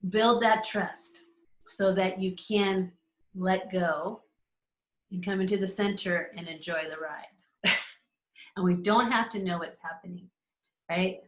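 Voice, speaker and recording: A woman hosting a live astrology community call speaks slowly and steadily in a mid-range, fairly bright voice, pausing often. She's enthusiastic, laughs frequently, and addresses members by name in a casual teaching chat with roomy echo.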